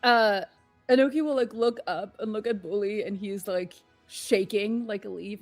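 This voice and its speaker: A woman playing her character in a tabletop game, talking in halting, stammering bursts. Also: mid-range voice, faint music behind. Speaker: player.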